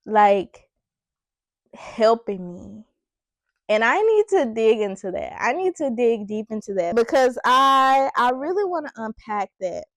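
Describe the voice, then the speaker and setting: A young woman talks in an unhurried, chatty way, using casual slang while she reflects on herself. Her voice sits a little high and she sounds slightly out of breath. The sound is dry and close, with no room echo. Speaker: vlogger. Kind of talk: casual chat while styling her hair.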